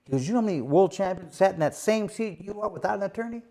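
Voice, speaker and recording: A man's voice: high voice, fast. A middle-aged man, a former boxer hosting a live show, telling a long story casually with lots of fillers and acted-out quotes. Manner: animated, acts out quoted voices, many fillers. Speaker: host, former boxing champion.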